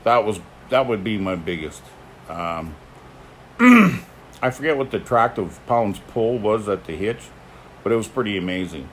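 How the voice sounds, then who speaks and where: An older man, hosting a casual chat and telling folksy stories about horses, often chuckling and clearing his throat. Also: lowish voice, sing-song, a little slow, a little hiss or hum. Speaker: host, horse teamster. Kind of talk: casual chat answering viewer questions.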